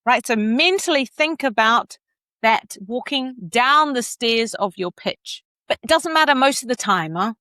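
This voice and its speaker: Animated woman vocal coach, dry sound. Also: measured pace, no echo. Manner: animated, demonstrates pitch and phrases aloud, laughs often. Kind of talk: conversational coaching advice.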